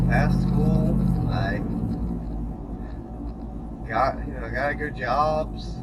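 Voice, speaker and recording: A man vlogging from his vehicle, telling a rambling, profane story with laughs along the way. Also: on the high side. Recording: loud road noise in the background.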